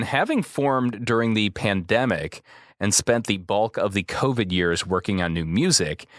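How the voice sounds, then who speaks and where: A man's voice: low voice, fairly bright tone, no echo, clean studio sound. A man hosting a music podcast, talking casually with frequent fillers and self-corrections. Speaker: podcast host. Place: Chicago.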